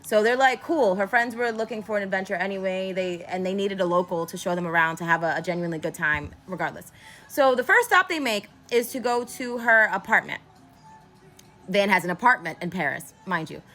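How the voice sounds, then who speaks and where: Woman rambling through a show recap, bright voice, jumps way up when quoting people. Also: a little fast, soft background music. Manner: animated, acts out characters' lines with big pitch jumps; rambling, self-interrupting with fillers. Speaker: cultural commentary host. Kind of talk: casual recap and commentary.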